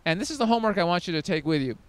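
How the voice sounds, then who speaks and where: Lively, high-voiced male dating coach. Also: racing, clean tone. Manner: emphatic, swings into loud demos. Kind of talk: energetic coaching talk to camera.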